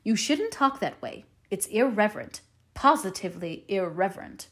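A woman reads as a stern, no-nonsense older guardian in a storybook reading. She speaks in brisk, clipped lines that scold and instruct. The tone stays matter-of-fact and firm. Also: mid-range voice, animated, lightly acted. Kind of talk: audiobook character reading.

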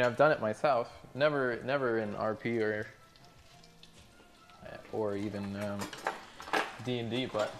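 A man streaming, reading out chat messages and chatting casually in a laid-back, rambling way with frequent laughs. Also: medium pitch.

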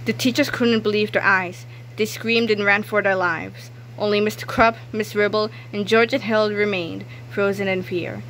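A woman reading a children's book aloud in a lively, expressive way. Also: medium pitch, moderate pace, few pauses, a little hiss or hum. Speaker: narrator.

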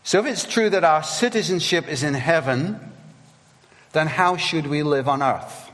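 A man preaching a sermon at church, reading scripture in a measured, earnest way. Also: fairly high pitch, a bit bright. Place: church hall. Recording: long reverb of a church hall.

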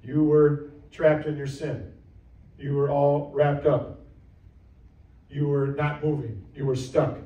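A man's voice: fairly high pitch, mellow, echoey room, distant mic, low-quality recording. A man preaching a sermon as pastor, earnest and repetitive, now and then acting out the voices of other people. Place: church sanctuary.

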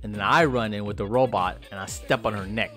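A man's voice: fairly low pitch, brisk, fairly bright tone, faint music behind. A young man joking his way through gameplay commentary, rambling a silly story and yelping when things go wrong.

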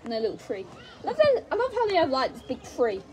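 A woman's voice: high-pitched, huge pitch swings, fast, a little mellow. A young woman chatting playfully at a zoo, greeting the animals in a sing-song voice. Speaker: vlogger. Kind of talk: casual chat. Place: outdoor zoo. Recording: outdoor crowd chatter behind.

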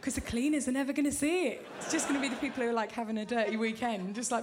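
A woman's voice: a little high, animated, racing, few pauses. A young woman performing a stand-up comedy set in a club, chatty and often checking in with the crowd. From Britain. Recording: loud crowd noise in a club.

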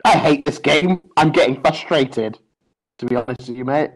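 A man's voice: mid-range voice, normal speed. A young man streaming a game, swearing and teasing his opponent in casual banter.

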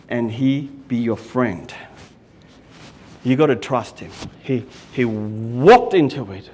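A man preaching a sermon with passion, swinging from loud exclamations to hushed asides and often repeating words. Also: mid-range voice, slow, pauses often, slightly rough. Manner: repeats words and restarts phrases. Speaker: pastor.

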